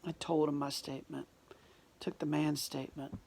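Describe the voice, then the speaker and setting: Gravelly low-voiced woman confessing. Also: flat delivery, moderate pace. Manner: confessional, drops into hushed near-whispers. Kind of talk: emotional personal testimony.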